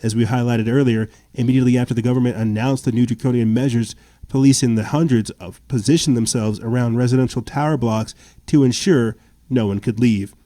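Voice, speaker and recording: A man's voice: medium pitch, steady tone, brisk, mellow, dry recording. A man hosting a political commentary podcast, reading news reports aloud and adding sarcastic, indignant remarks with stammered restarts. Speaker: podcast host.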